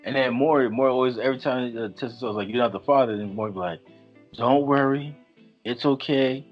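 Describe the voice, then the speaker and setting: A man co-hosting a casual comedy chat, animated and profane, acting out bits with lots of voices. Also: mid-range voice, rapid-fire, dull audio, faint music behind. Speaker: podcast co-host.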